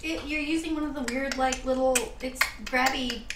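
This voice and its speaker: A woman co-hosting a livestream, chatting in a relaxed, teasing way. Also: sits high, moderate pace, distant mic, heavy background noise. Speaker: livestream co-host. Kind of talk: casual chat. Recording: echoey room, away from the mic.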